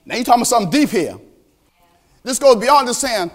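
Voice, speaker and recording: A male pastor preaching a sermon, animated, asking the congregation questions directly. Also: very high voice, quick pace, long pauses.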